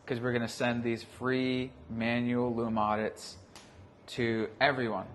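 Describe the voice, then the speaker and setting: A man in casual business chat, animated and loose with swear words. His voice sits at an ordinary pitch, with a faint hiss of noise behind him. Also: a little slow. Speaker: vlogcast host, agency owner.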